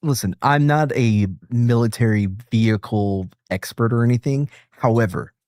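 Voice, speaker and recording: A male podcast host in casual reaction chat, talking in an animated, sarcastic, excitable way. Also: medium pitch, moderate pace, dry recording, studio quality.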